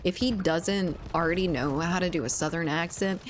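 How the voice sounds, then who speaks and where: A woman's voice: fairly low pitch, normal speed, slight background noise. A woman with a Cajun accent, chatting casually and rambling while streaming a game, laughing and swearing easily. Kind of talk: casual chat while gaming.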